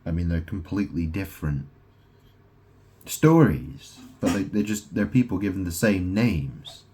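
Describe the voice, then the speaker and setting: A man giving a rambling solo monologue, making grand declarations, then reading aloud haltingly and stumbling over names. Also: low-pitched, very animated, mellow, a little hiss or hum. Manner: meandering, self-interrupting, reads aloud haltingly. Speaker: self-styled spiritual speaker.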